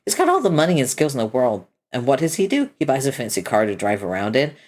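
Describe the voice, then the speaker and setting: A woman's voice: a bass voice, breathy edge. A woman reading a comic aloud, voicing its characters and adding casual commentary between lines. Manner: animated, switches between character voices. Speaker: reader of a webcomic.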